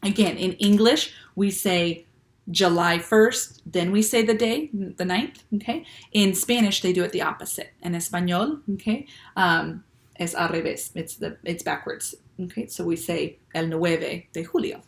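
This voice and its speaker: Patient woman teaching a kids' lesson. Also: on the low side. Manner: patient, slow and clear, with many "okay?" checks. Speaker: Spanish teacher. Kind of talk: classroom lesson for children.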